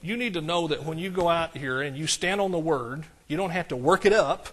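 Speaking fairly quickly, a middle-aged East Texas pastor preaches a plain-spoken, conversational sermon in a church. His folksy style includes calls for amens, and his voice climbs high and loud on the points he emphasizes.

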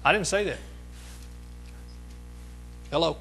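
A man's voice: a little high, slow pace, vocal fry, fairly bright tone, a little hiss or hum, low-quality recording. A middle-aged man preaching a sermon, emphatic, repeating his phrases and calling out to the congregation.

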